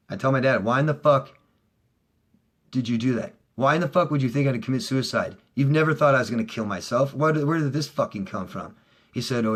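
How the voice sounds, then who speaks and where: In a casual monologue to viewers, a middle-aged relationship coach gets heated and profane. He alternates between loud outbursts and quiet, low stretches.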